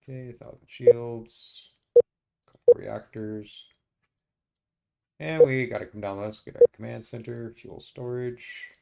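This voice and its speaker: A man streaming a strategy game, muttering his moves to himself and often pausing with uhs. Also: mid-range voice, fairly even intonation, creaky, warm tone. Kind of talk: casual let's-play commentary.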